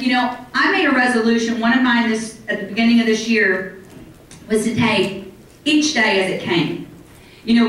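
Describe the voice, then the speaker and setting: A middle-aged woman giving an animated motivational talk to a live audience in a hotel conference room, acting out other people's reactions. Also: fairly high pitch, slight background noise. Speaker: motivational speaker. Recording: very echoey hall from far off.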